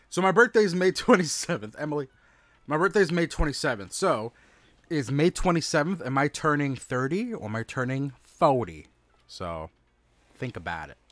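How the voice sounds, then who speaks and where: A man in his thirties talks casually through a live gaming stream, a bit high-pitched for a man, answering viewers and reacting out loud to what he finds. Soft game music plays quietly behind him. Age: 30s. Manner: chatty, reads and answers chat aloud, quick exclamations at the game.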